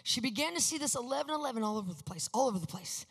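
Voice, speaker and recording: A woman giving an animated faith testimony, acting out quotes with sudden shouts and hushed asides. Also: fairly high pitch, very fast, husky.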